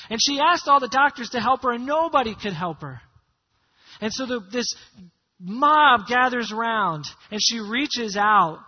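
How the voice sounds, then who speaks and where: A man with a high, husky voice preaches to a congregation, explaining scripture with lively emphasis and calling on them to say words back. The recording is dull and muffled, like a lo-fi church tape. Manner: lively teaching, has the congregation repeat words. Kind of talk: sermon.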